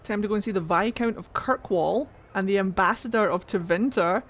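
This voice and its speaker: A woman streaming a game playthrough, chatting excitedly and gushing about characters. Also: medium pitch, fairly quick.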